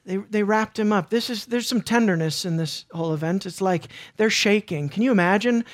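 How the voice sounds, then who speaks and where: Earnest emotional preacher, repeats himself, goes loud then soft. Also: medium pitch, a little fast. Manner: emotional, earnest, repeats and restarts phrases, swings between loud and hushed. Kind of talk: sermon.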